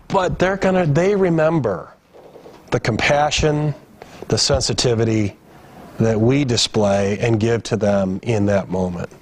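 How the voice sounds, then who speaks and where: There's a little hiss or hum as an unhurried, medium-pitched man delivers grief training to emergency staff in a training room. He talks conversationally and raises his voice to imitate family members.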